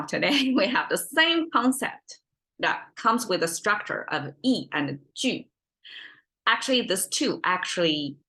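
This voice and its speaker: Woman w/ explaining mandarin words, bright voice, kinda low pitch, rambly thinking out loud. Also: poor audio. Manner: chatty, thinking aloud with fillers and restarts. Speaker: Mandarin teacher and podcast host. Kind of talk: explanatory language lesson.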